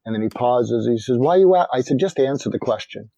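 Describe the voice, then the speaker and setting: An older psychiatrist and author, appearing as an interview guest, shares anecdotes in a measured storytelling manner. His mid-range voice is warm and steady, with vocal fry, and the audio is dull with no room sound.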